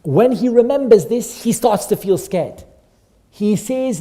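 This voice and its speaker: Man telling a story to children, high and mellow. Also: moderate pace. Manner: animated, repeats phrases for emphasis, asks the children questions. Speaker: teacher of a kids' class.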